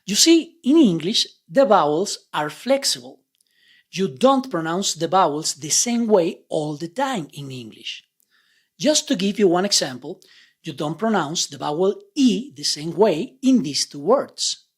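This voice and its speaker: A woman whose first language is Spanish leads a slow, patient language lesson. Her breathy voice swoops widely in pitch as she stretches out each vowel for the listener to say back. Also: sing-song. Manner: drawn-out modeling of vowel sounds for repetition. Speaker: Spanish teacher.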